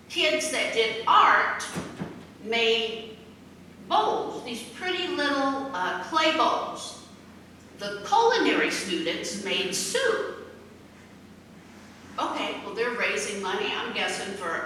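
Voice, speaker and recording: Slow, bright-voiced woman telling a story in a hall. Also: medium pitch, slight background noise. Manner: heartfelt, folksy, acts out quoted voices. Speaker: guest speaker. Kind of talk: storytelling speech. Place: large meeting hall. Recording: echoey hall from far off.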